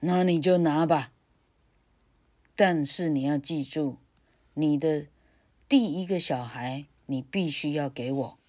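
A woman's voice: low voice, slow, long pauses, darkish tone. A woman voicing a menacing old witch who snarls her demands in a storybook reading. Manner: snarling, commanding.

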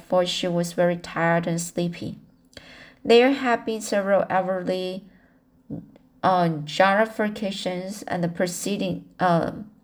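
A woman reads a classic novel aloud at a slow, unhurried pace. She stumbles now and then and restarts phrases. Her pitch sits in an ordinary middle range. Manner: slow reading with restarts and slips. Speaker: audiobook reader. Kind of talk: amateur audiobook reading.

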